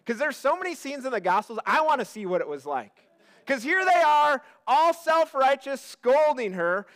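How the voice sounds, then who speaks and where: Man, pastor giving a sermon, high voice, joking asides to the congregation. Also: moderate pace. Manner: lively, joking, talks to the congregation.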